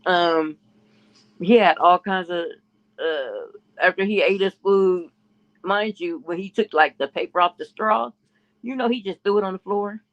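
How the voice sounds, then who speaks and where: A man with a fairly high, gravelly voice tells a rambling gossip story, jumping his pitch up whenever he quotes someone else. The sound is muffled and lo-fi. He keeps restarting his sentences in a loose, casual way. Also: measured pace, a bit bright. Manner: rambling, restarts often, quotes others in a raised voice. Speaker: podcast co-host. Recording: muffled lo-fi audio.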